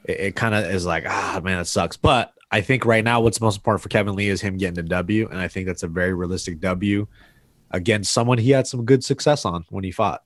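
A man's voice: fairly low pitch, quick pace, no room sound, studio quality. A young man co-hosting a casual podcast chat, easygoing and bantering, breaking down fights in detail. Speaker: co-host, former amateur fighter.

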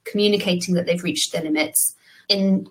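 A woman's voice: lowish voice, fairly even intonation, normal speed, low-quality recording. A woman psychologist co-hosting a podcast, explaining ideas in a thoughtful, casual way with light laughs. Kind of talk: casual conversation.

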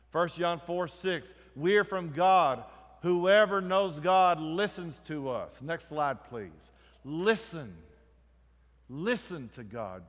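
A man preaching a sermon, swinging between loud emphatic lines and quiet ones. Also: on the high side. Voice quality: emphatic, rising and falling in volume. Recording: echoey hall reverb.

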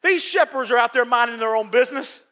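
A man preaching a sermon as pastor, emphatic and repetitive, swinging between loud and hushed delivery. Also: extremely high pitch, quick pace. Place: church. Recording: long church reverb.

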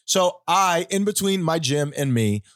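A man hosting a podcast, telling a rambling story in casual chat with animated, joking asides. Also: a little high, a little slow, no echo, clean studio sound. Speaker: podcast host.

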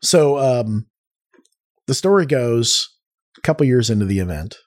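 A man telling stories in a casual podcast chat, animated and rambling, with many restarts. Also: mid-range voice, a little slow. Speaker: podcast guest.

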